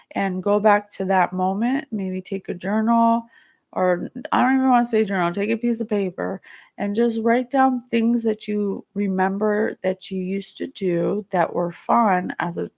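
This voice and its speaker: A psychic host speaks to her listeners in a soft, earnest and emotional tone. Her mid-pitched voice has a gravelly fry running through it. She talks like someone offering heartfelt spiritual advice. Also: steady tone, unhurried. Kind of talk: spiritual guidance talk, reading viewer comments.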